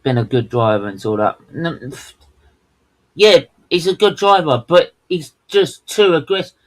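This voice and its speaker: A man's voice: on the high side, a little slow, low-quality recording. Fuming man ranting over a race. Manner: heated, swearing, fuming outbursts. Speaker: co-host of a race watchalong. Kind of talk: live race commentary rant.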